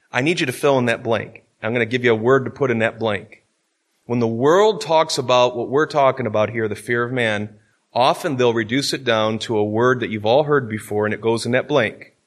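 A man's voice: mid-range voice, fairly bright tone. Emphatic man teaching a Bible class. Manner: conversational and emphatic, checking in with "okay?".

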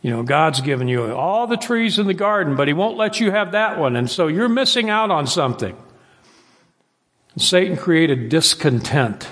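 A male preacher delivers a sermon with slow, deliberate emphasis, dwelling on key words. His voice sits a little high for a man. The sound carries the long reverb of a large church hall. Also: fairly bright tone.

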